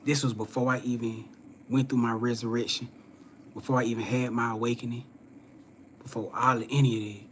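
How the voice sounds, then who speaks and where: A young man, hosting a live spiritual reading stream and telling a personal story in a casual way. He acts out other people's lines, swinging from loud and animated to low and hushed. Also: brisk, long pauses, slight background noise. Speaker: spiritual reader and host.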